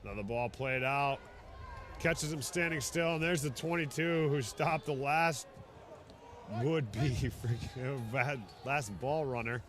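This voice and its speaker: A man in his thirties giving casual, excitable live rugby commentary outdoors. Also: medium pitch, takes it slowly. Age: 30s. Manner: chatty, excitable, bursts into shouts on big plays.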